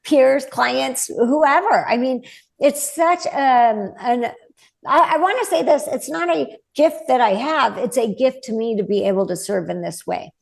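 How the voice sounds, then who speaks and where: A woman's voice: high voice, unhurried, creaky. A woman in her forties, a guest medium, telling her story earnestly in a casual interview and acting out the voices she quotes.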